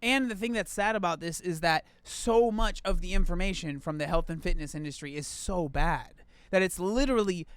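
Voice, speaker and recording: A man's voice: high voice, a bit bright, no echo. A man hosting and reacting to a video in casual commentary, rambling with many fillers and restarts.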